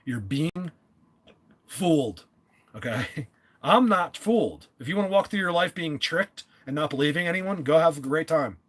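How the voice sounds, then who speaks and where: A man with a New Jersey accent hosts a live stream from his phone at a desk, emphatic and quick to yell. His husky voice swings widely in pitch as he stumbles over restarts. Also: lively intonation. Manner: emphatic, yells, stammering restarts. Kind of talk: excited live-stream talk.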